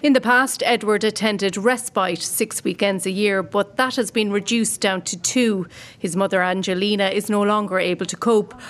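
A woman reporting as a social affairs correspondent, in measured news narration. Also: mid-range voice, steady tone.

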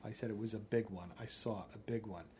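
A man tells what he witnessed in a plain, direct interview recollection, acting out his own quoted words. His voice sits somewhat low. A faint hiss of noise sits underneath. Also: steady tone, fairly quick, a little mellow. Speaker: eyewitness.

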